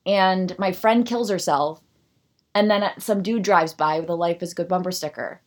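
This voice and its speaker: A woman's voice: fairly low pitch, moderate pace. A woman in her thirties hosting a solo podcast, ranting sarcastically and animatedly, then reading a passage aloud. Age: 30s. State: out of breath. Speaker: podcast host.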